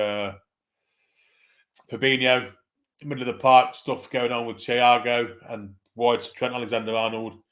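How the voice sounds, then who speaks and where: Reading out viewer comments and swearing freely, a man hosts a live football watchalong with casual play-by-play. His voice is lowish and a little bright.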